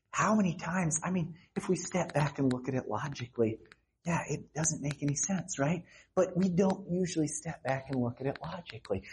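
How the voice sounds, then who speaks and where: A woman's voice: fairly high pitch, darkish tone, slight background noise. A woman preaching a sermon with passion, asking rhetorical questions and acting out voices.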